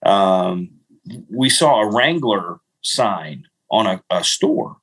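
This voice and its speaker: A man's voice: on the low side, animated, slow pace, fairly bright tone. A middle-aged man co-hosting a podcast, rambling through self-mocking travel stories with frequent laughs. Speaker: podcast co-host. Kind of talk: casual storytelling chat.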